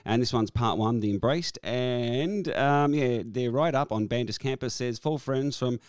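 A man with an Australian accent co-hosting a casual music radio show, chatty and quick to laugh. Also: medium pitch, no echo, studio quality.

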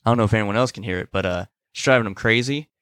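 A man's voice: fairly low pitch, very fast, fairly bright tone, clear, resonant tone, no echo, studio quality. A man co-hosting a podcast, chatting playfully and acting out silly scenes between laughs. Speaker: podcast co-host. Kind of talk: casual chat.

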